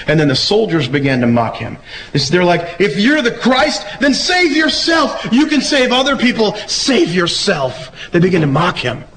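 A man giving a relaxed, conversational sermon who acts out the voices he quotes. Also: mid-range voice, a little hiss or hum, poor audio. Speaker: preacher. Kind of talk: casual sermon.

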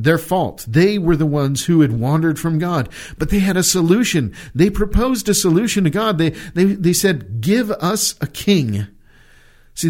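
A man from the United States delivers a sermon in a slightly high voice. He speaks earnestly, often restarting and repeating words. He slows down to press his key points home. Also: darkish tone. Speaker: pastor.

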